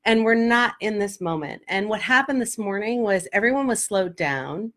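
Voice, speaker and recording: A woman's voice: mid-range voice, animated, normal speed. A middle-aged woman, a life coach, telling a story straight to camera in a candid, emotional way, with many fillers. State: tearful at times. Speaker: life coach and vlog host. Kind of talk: casual direct-to-camera vlog.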